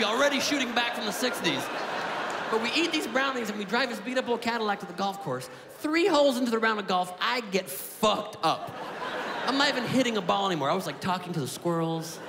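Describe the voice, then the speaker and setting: Stand-up comic, man in his thirties, high lively voice, live club with long reverb and a loud audience. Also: gravelly, heavy background noise. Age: 30s. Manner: animated, profane storytelling with acted-out dialogue. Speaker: stand-up comedian. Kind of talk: stand-up comedy routine. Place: comedy club stage with audience.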